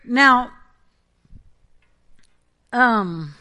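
A woman preaching a Pentecostal sermon with a bright, tense edge to her voice. She speaks in a fairly high register, pressing hard on key phrases and checking in with her congregation. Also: lively intonation, very slow.

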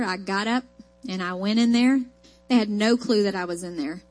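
A woman's voice: medium pitch, normal speed, a little mellow. A woman preaching a sermon, mixing folksy personal stories with emphatic, rising declarations.

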